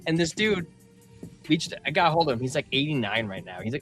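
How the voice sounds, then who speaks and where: A man co-hosting a live show, talking in a rambling, animated way and telling long stories in casual chat. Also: fairly high pitch, fast, over music. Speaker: podcast co-host.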